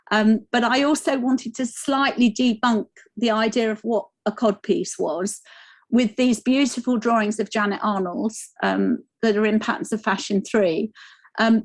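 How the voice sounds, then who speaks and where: A woman giving an academic conference lecture over slides, speaking with frequent ums, pauses and restarts. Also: fairly high pitch. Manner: hesitant, many ums and restarts.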